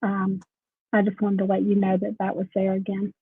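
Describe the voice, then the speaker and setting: A woman co-hosting a casual live-stream chat, talking in a calm, supportive way with frequent ums. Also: mid-range voice, moderate pace, phone-quality sound, noisy background. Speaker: co-host.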